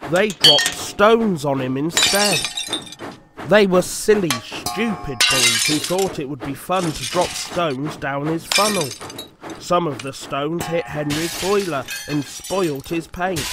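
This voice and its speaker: Slow expressive storybook narrator, a man. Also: fairly high pitch. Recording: music playing under the voice.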